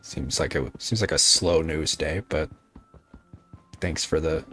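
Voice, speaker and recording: A VTuber streamer with a rumbling low voice speaks slowly, his tone bright and forceful, with faint music behind him. Playing a modded game in a casual livestream, he grumbles at it, talks back to chat, and swears now and then.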